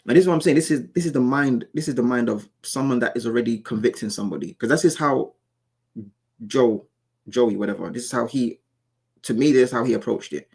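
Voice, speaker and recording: Gravelly, husky man ranting through commentary. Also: medium pitch, brisk, darkish tone. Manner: repeats and restarts words, heated and insistent. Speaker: commentary YouTuber. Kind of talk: casual reaction commentary.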